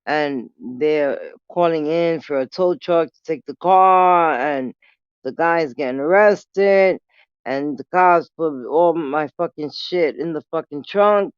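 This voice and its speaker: A woman telling a story casually on her vlog, animated and full of swearing. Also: low-pitched, slow pace, clean tone, no echo, lo-fi sound. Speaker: vlogger.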